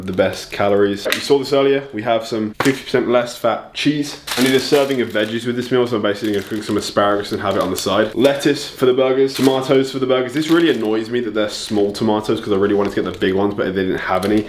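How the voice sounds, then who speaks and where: Young male fitness vlogger with a low voice, chatty and foul-mouthed, mocking his own slip-ups. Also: a little hiss or hum. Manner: chatty, loose and profane, jokes at himself. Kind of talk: casual cooking and diet vlog. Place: home kitchen.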